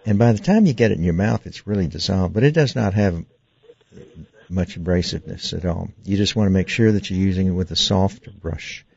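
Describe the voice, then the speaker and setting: A man's voice: deep voice, fairly quick, vocal fry, a little mellow, husky, no room sound. A man hosting a call-in radio show as a dentist, explaining things earnestly with frequent fillers and restarts. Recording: dry, muffled radio studio sound.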